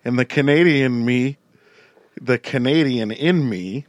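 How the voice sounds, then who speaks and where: A man hosts a laid-back sports podcast, rambling through stories with plenty of fillers and easy laughter. His voice sits at an ordinary middle pitch. The sound is dry and close to the mic. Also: expressive, takes it slowly, no room sound. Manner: chatty, laughs often, many fillers. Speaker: podcast host. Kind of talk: casual sports podcast chat.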